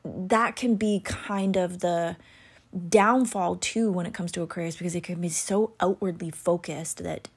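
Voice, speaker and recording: A woman chatting casually about astrology, rambling and full of "like" and "you know", sometimes dropping into soft whispery asides. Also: fairly low pitch, steady tone, unhurried, gravelly, slightly rough. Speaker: astrology content creator. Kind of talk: casual chat.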